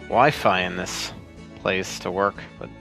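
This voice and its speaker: A man from Florida, a sports writer and co-host, telling a meandering, animated story in casual podcast chat. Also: low-pitched, a little slow, gravelly, faint music behind. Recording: long hall reverb.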